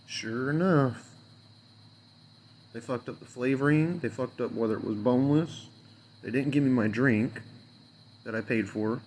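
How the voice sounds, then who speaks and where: A man's voice: mid-range voice, unhurried, pauses often, a little mellow, a little hiss or hum. A man venting as an unhappy customer in a fuming, sarcastic rant full of swearing that rambles loosely from point to point. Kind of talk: angry profane rant to camera.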